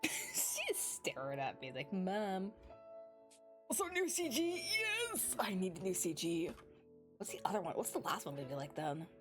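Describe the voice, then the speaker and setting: A woman's voice: fairly low pitch, huge pitch swings, moderate pace. A young woman streaming a game, chatting casually and cooing baby talk to her pets. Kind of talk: casual gameplay commentary. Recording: faint music behind.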